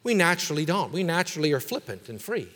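A man pastor preaching a sermon with emphatic delivery, dropping quiet and then rising to forceful exhortation. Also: fairly high pitch, sing-song, fast talker, long reverb tail.

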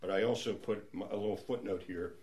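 A man's voice: fairly low pitch, fairly even intonation, fairly quick, darkish tone. A middle-aged man leading a church Bible study in a conversational teaching style, chatty and prone to restarts. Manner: chatty, with frequent restarts and asides.

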